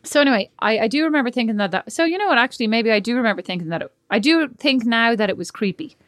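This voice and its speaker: A woman co-hosting a casual chat, talkative and quick to laugh. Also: fairly high pitch, expressive, no room sound, clean studio sound. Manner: chatty, laughs a lot. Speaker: podcast co-host.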